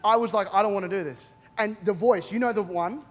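A man's voice: high voice, fast talker, few pauses. A middle-aged Australian man preaching a humorous sermon as a guest pastor, telling stories and acting out the voices in them with lots of energy. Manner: animated, jokey, acts out voices in his stories. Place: church auditorium with a live congregation. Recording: long reverb of a large church hall.

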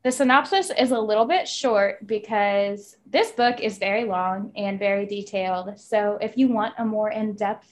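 A woman's voice: mid-range voice, normal speed, few pauses. A young woman co-hosting a book podcast, chatting casually and laughing often while summarizing a novel. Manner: giggly, chatty, fillers like "like".

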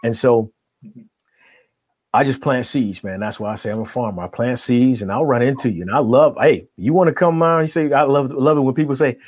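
A man's voice: mid-range voice, fairly quick, breathy edge, no room sound. Middle-aged male life coach, motivational, keeps asking "right?", dry close sound. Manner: energetic, tags nearly every point with "right?". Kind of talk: motivational conversation.

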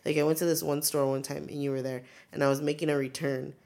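A woman's voice: low-pitched, level tone, fast talker, gravelly, darkish tone. A young adult woman co-hosting a podcast, telling a blunt, profane story in casual chat. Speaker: podcast co-host.

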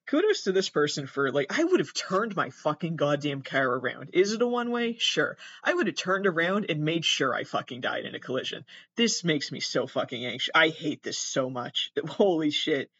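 A man's voice: on the high side, fairly bright tone, dry recording. A man hosting a podcast, reacting to videos in casual commentary, agitated, swearing often and exclaiming in alarm. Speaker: podcast host. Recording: dull lo-fi dry sound.

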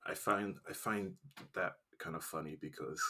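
A man with a very low, husky voice chatting about films in a relaxed way. He hesitates often with fillers and laughs easily. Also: moderate pace. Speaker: podcast co-host. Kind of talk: casual chat.

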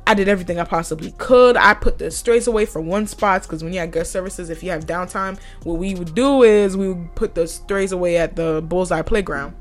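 A woman's voice: on the low side, a little fast, hardly any pauses, soft background music. A young adult woman hosting a podcast, telling a work story in a casual, heated rant full of swearing. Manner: profane, heated and blunt, with laughs. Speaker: podcast host.

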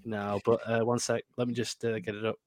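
A man's voice: medium pitch, flat delivery, fairly quick, no room sound. A young man with a Lancashire accent co-hosting a podcast, chatty and joking, often laughing. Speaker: podcast co-host. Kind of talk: casual chat.

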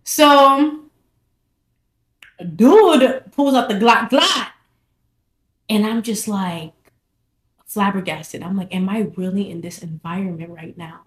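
A young woman casually telling her personal testimony, animated and repeating phrases for emphasis. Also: medium pitch, slow pace, pauses often. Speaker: vlogger sharing her testimony. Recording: echoey room.

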